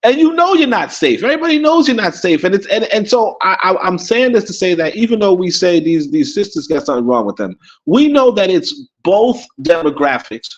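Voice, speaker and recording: A man from the Caribbean co-hosts a casual livestream, his voice sitting a little high for a man. He rambles, repeats words and chuckles now and then. The sound is dull and lo-fi, like streamed audio. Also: sing-song, fairly quick, hardly any pauses. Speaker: podcast co-host. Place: abroad in Africa.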